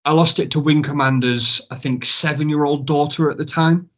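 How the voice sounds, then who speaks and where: A man's voice: a little high, steady tone, moderate pace, fairly bright tone, slight background noise. Rambling man telling stories. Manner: rambling, self-mocking, swears freely. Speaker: guest wrestler. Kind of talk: casual storytelling chat.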